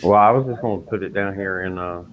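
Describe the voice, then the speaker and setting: A man's voice: deep voice, quick pace, narrow, tinny audio, slight background noise. A man from North Carolina, joking easily on a casual video call while running a giveaway. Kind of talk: casual group video chat.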